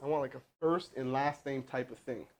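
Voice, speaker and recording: Medium in pitch and a little fast, this man's voice carries a live cold sales call followed by coaching for his crew. He speaks casually, with frequent fillers and restarts, in an energetic, rambling way.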